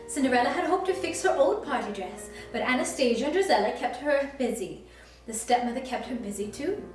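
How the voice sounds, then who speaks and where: A woman's voice: sits high, expressive, a little fast, far from the mic. Woman reading a storybook to children. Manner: sing-song, warm storyteller asking kids questions. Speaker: costumed children's storytime reader. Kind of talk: reading a picture book aloud to children. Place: library program room. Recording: echoey room, voice from afar, faint music.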